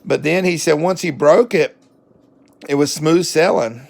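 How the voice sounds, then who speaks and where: Southern man, book-review vlogger, slightly high and gravelly, chatty and rambling. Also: a little slow, a little mellow. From southern United States. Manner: rambling, folksy, with many fillers and self-corrections. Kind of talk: casual book review vlog.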